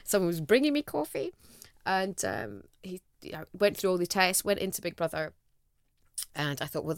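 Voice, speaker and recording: A woman's voice: fairly low pitch, clear, resonant tone, no room sound, studio quality. A middle-aged woman, telling candid stories as an interview guest, laughing often and acting out what people said. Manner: animated, laughs often, acts out quotes. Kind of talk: candid conversational storytelling.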